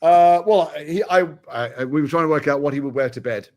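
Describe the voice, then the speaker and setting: A middle-aged man from Britain talks at a brisk, rapid clip as an interview guest. He sounds animated and chatty, tossing in quick asides between his stories. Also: a little high. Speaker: actor guest. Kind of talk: casual interview chat.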